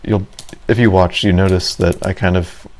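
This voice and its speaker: A man's voice: deep voice, flat delivery, normal speed, darkish tone. A man giving casual, rambling commentary over his own gameplay, self-deprecating and full of fillers. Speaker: gaming video creator.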